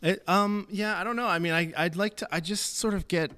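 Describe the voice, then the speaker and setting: Man, jazz pianist guest, casual chat, halting, frequent restarts. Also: high-pitched, fairly even intonation, sharp tone. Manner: halting, many restarts, laughs easily.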